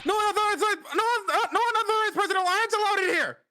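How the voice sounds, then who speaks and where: Casting: a player doing a loud, keen young bailiff in a courtroom game, bright high voice, barks every line and ends it with "sir". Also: very fast. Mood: alarmed. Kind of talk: voice acting over a game.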